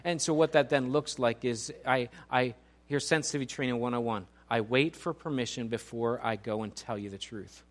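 A middle-aged male pastor delivers a conversational sermon at normal speed in a medium-pitched voice. He often restarts his sentences and pokes fun at himself as he preaches.

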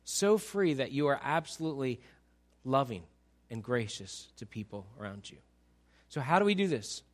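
A male pastor preaching a sermon, pleading with rhetorical questions that rise for emphasis and then drop soft. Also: mid-range voice, animated, normal speed.

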